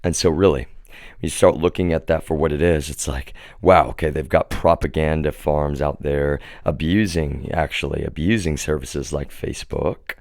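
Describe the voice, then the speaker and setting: A man's voice: a bass voice, fairly even intonation, normal speed, creaky, darkish tone, no room sound, clean studio sound. A man livestreaming an angry, profane monologue and calling his viewers "y'all". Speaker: livestream host. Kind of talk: live stream monologue.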